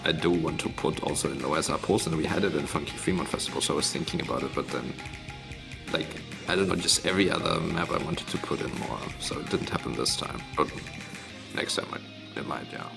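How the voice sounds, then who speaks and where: A man's voice: a bass voice, a little fast, vocal fry, music in the background. A man casually talking through tournament maps on a live stream, rambling with many fillers and restarts. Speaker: tournament mappool showcaser.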